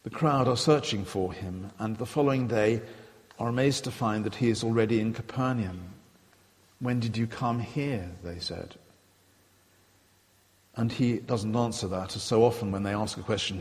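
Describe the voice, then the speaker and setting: A man giving a sermon, retelling and quoting scripture in a measured, reflective way. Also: on the low side, a little mellow, big-room sound. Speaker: preacher.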